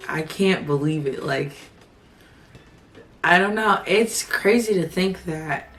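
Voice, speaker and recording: A woman in her twenties telling a personal story to camera, chatty and gushing. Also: lowish voice. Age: 20s. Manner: chatty and gushing, with many fillers like "like" and "you know". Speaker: vlogger.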